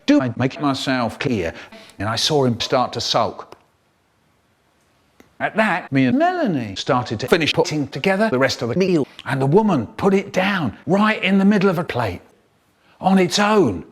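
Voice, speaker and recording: A man telling a comic story in an animated, exaggerated way. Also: on the high side, moderate pace.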